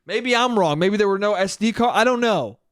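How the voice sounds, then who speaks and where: A man hosting a solo podcast, retelling a story in a casual, profane and animated way. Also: sits high, brisk, dry recording, clean studio sound. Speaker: podcast host.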